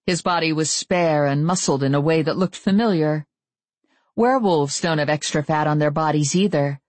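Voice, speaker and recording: A woman reading a first-person novel aloud, with measured, wry storytelling. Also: low-pitched, a little mellow, no echo. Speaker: audiobook narrator.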